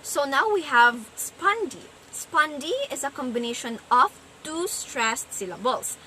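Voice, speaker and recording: Woman student presenter, bright lively voice, unhurried explanatory delivery. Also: high voice, slight background noise, rough recording. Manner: slow, explanatory, sounds out stress patterns. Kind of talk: class presentation on poetry.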